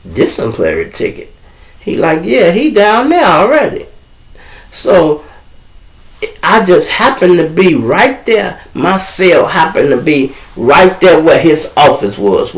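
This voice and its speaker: A man's voice: medium pitch, low-quality recording. A man with a Chicago accent, hosting his own show and telling a story in casual, slangy street talk, acting out the other people's lines. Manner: animated, acts out other people's voices in dialogue.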